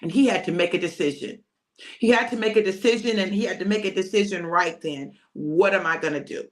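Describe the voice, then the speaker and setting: A woman preaches a sermon in a storytelling style, acting out the figures as she goes. Her delivery swings from hushed, near-whispered passages to raised, pleading cries. Her voice sits at a middle pitch. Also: a little fast. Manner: dramatic storytelling, acts out the scenes.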